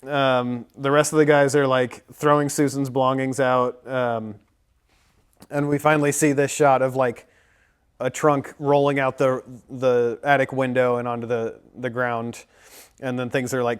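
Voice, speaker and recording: A man in his thirties talks through a film recap in a loose, rambling way. He is full of fillers and likes and keeps a middle pitch for a man. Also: clear, resonant tone. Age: 30s. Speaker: podcast co-host. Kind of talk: casual movie recap chat.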